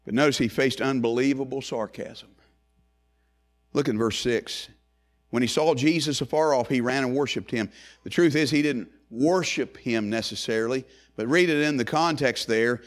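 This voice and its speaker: At normal speed, a man delivers a sermon that swings from loud, rising calls down to hushed, low phrases, repeating lines as the cadence builds.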